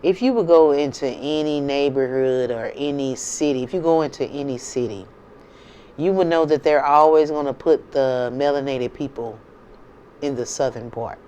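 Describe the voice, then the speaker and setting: A woman's voice: a bass voice, moderate pace, dark tone, smooth, muffled recording. A woman from the United States hosting her own channel, talking casually and emphatically to her viewers and often checking in with "okay?" and "you know". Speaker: channel host.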